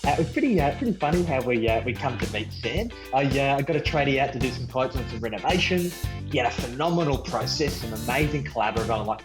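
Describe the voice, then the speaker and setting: A man with an Australian accent hosting a podcast in casual interview chat, friendly and easygoing, often filling pauses and calling people mate. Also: medium pitch, expressive, over music, low-quality recording. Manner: friendly, lots of uh fillers, calls people mate. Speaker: podcast host.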